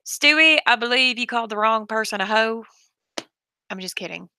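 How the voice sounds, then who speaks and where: A woman's voice: a little high, fairly even intonation, brisk, creaky, pushed and bright, no echo. A woman hosting a casual live stream, chatting and reacting to viewers in a rambling, talkative way. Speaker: livestream host.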